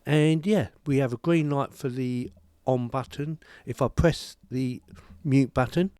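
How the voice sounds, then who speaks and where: A British man gives a chatty, rambling, self-deprecating home review of a desk microphone on a boom arm. His mid-range voice is unhurried, mellow, clear, and resonant, recorded with clean studio sound and no echo.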